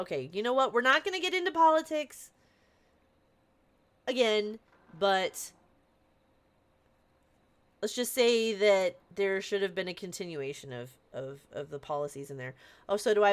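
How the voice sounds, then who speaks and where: A young woman rambles through a live game stream, her voice bouncing around with lively swings in pitch. She chats casually and playfully, tossing out asides as she goes. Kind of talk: casual chat while playing a game on stream.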